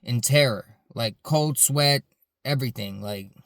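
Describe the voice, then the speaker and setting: Man, mid pitch, earnest rambling storyteller, dry close recording. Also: a little slow, gravelly, a bit bright, no room sound. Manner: earnest, rambling with many "like" fillers. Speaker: security supervisor telling his dreams. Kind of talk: casual storytelling to camera.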